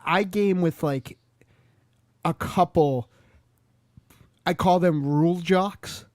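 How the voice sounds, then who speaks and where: A man's voice: high voice, slow pace, darkish tone, no room sound, studio quality. A man on a podcast chatting casually about movies, rambling and hesitant with lots of filler words. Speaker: podcast co-host. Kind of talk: casual film review chat.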